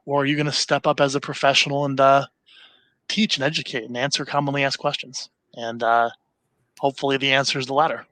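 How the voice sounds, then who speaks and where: Bright-voiced man talking casually. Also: medium pitch, flat delivery, fast, no echo. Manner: casual, filler-heavy, restarts phrases. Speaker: marketing company CEO, guest. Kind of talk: conversational interview, sample email read aloud.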